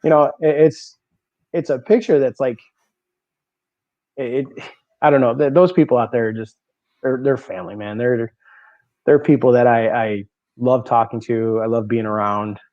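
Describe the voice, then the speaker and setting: In a mid-range voice with fairly even intonation, a man tells stories at a moderate pace, leaving long pauses. He's a bowling podcast guest, casual and animated, laughing often and repeating words; the lo-fi recording is dry, slightly dull, and free of room sound.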